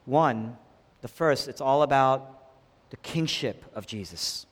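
A man preaching a sermon, dramatic, swinging between loud emphatic lines and hushed low ones. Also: lively intonation, takes it slowly. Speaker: pastor. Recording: long hall reverb.

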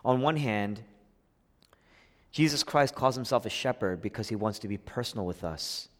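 A man preaching a sermon as a pastor, swinging between hushed, intimate lines and rising, emphatic passages. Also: fairly low pitch, lively intonation, moderate pace. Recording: long hall reverb.

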